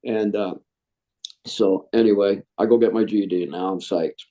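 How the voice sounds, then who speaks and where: A middle-aged man, a Marine veteran, telling his story in an interview, animated and acting out the voices he quotes. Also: on the low side, normal speed, muffled recording.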